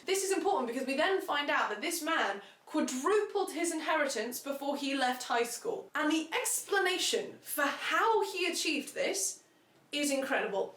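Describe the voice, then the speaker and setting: A woman giving a sarcastic, animated comedic recap of a book, full of asides. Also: high voice. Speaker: book reviewer. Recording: echoey room.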